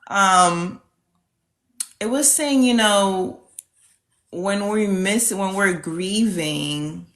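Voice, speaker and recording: A woman's voice: medium pitch, drawn-out words, a bit bright. A woman guest on a podcast, talking in a reflective, thoughtful way in loose run-on phrases. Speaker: podcast guest, end-of-life specialist. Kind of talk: casual podcast conversation.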